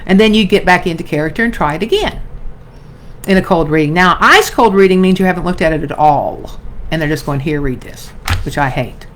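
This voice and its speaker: A middle-aged woman coaching actors in a loose, talky online class, her voice sitting on the low side. She stops and restarts her sentences often and keeps speaking straight to her viewers. Faint room noise hangs behind her at home. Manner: chatty, self-interrupting, addresses viewers as "you guys" and "darling". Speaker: acting coach. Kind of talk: casual online acting class.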